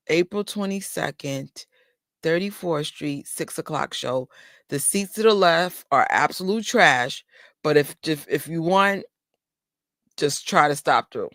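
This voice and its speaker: A woman's voice: low voice, no room sound, clean studio sound. A woman vlogger from New York chatting casually to her viewers, telling rambling stories full of fillers and asides. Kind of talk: casual livestream chat. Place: indoors under a bright light.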